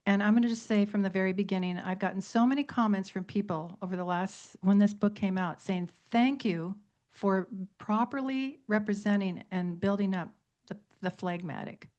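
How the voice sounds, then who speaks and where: A woman's voice: medium pitch, moderate pace, darkish tone, muffled recording. A middle-aged woman teaching about temperaments on a radio talk show, emphatic, stringing words into long lists and repeating points for stress.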